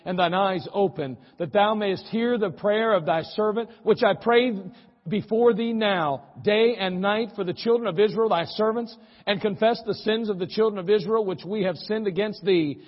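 A man's voice: sits high, big-room sound, dull audio. A male pastor giving a sermon, telling a folksy story and reading scripture aloud in an archived church recording. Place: church sanctuary.

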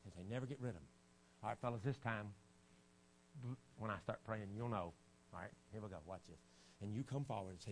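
A man preaching a revival sermon in a church, folksy and animated, acting out little stories as he goes. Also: on the low side, fairly quick, long pauses, slight background noise. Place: church sanctuary.

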